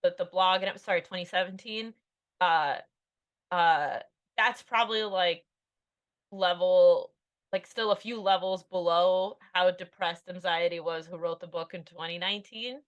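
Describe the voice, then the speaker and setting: In a podcast interview, an author in her thirties talks with candor, rambling, downplaying herself and using many fillers. Her voice is lowish and measured in pace, and the audio sounds dull.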